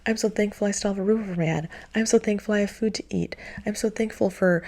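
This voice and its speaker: A woman's voice: medium pitch, fairly even intonation, fast talker, few pauses, dark tone. A young woman vlogging a casual, earnest monologue of faith-filled encouragement, repeating herself for emphasis.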